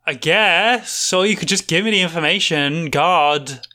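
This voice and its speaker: A woman voicing a flustered, evasive woman fighter. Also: sharp tone. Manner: flustered, higher and quick.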